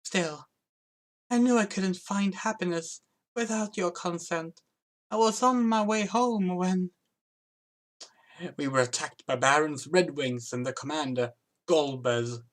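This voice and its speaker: A woman's voice: lowish voice, unhurried, pauses often, voice pushed up, natural voice. A woman voicing an earnest young woman, a loving daughter.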